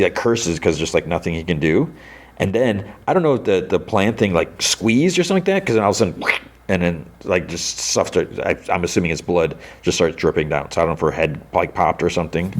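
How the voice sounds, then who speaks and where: This deep-voiced man hosts a podcast, casually retelling a TV episode. His rambling account is full of filler words and quick imitations of the characters.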